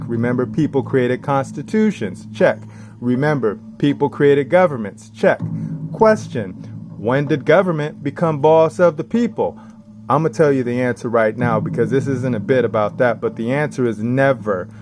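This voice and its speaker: A man giving a casual religious talk as an online preacher, tagging his points with "right?" and "check this out", reading scripture slowly and acting out quoted voices higher. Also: background noise. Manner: reads scripture slowly and deliberately.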